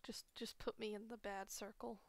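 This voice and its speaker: A woman streamer in casual gaming chat with friends, playful and self-mocking, quick to get excited. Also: mid-range voice, vocal fry.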